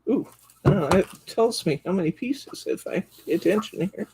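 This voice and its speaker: A woman's voice: medium pitch, lively intonation, normal speed, gravelly, warm tone, husky. A woman hosting a live craft store show-and-tell, enthusiastically describing card stock packs and counting sheets aloud as she flips through them. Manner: enthusiastic, gushing over products.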